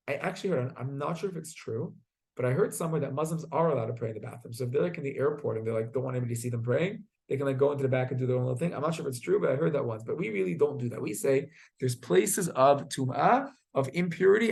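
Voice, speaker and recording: A man teaching a class, asking students questions and telling stories in a lively way. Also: mid-range voice, quick pace, gravelly. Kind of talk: classroom lesson with storytelling.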